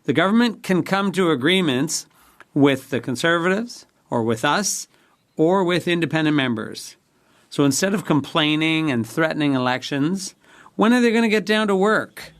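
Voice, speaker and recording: A man's voice sits a little high for a male speaker, smooth and resonant, as he interprets a parliamentary debate. His delivery is measured and formal throughout. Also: animated.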